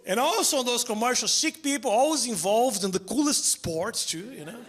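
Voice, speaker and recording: High-voiced comedian. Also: male voice. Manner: animated, acts out voices in quick bursts. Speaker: stand-up comedian. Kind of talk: stand-up comedy set. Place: comedy club stage with audience.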